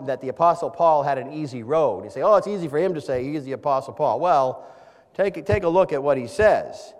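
Male pastor, fairly high voice, dynamic sermon delivery, long hall reverb. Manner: dynamic preaching, swings from loud emphatic to soft and low; repeats and stresses key words slowly.

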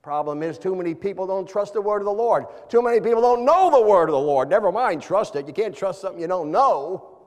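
Male pastor, fairly high voice, dynamic sermon delivery, long hall reverb. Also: expressive. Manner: dynamic preaching, swings from loud emphatic to soft and low; repeats and stresses key words slowly.

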